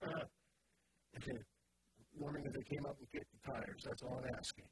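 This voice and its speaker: A male pastor preaching a sermon with passion, his voice climbing from quiet asides to shouted lines. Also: medium pitch, flat delivery, moderate pace. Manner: impassioned preaching, swings from soft to shouting. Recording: noisy church recording.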